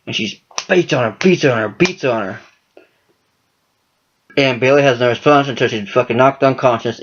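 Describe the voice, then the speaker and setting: On a dull lo-fi recording, a man with a medium-pitched voice talks at normal speed with long pauses. He's a wrestling fan commentator giving a casual, profane monologue about storylines, rambling and cursing plenty.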